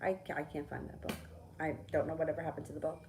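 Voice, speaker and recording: Animated woman telling a story, faint background hiss. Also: low voice, fast talker, low-quality recording. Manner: animated storytelling, swears casually. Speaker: tarot reader. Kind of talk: casual live-stream chat.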